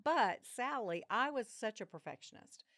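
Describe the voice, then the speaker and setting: A woman, a guest on a podcast, telling family stories in an animated way and acting out the voices of the people in them. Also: a little high, normal speed, dry recording, clean studio sound. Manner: animated storyteller, acts out quoted voices. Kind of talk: casual podcast conversation, storytelling.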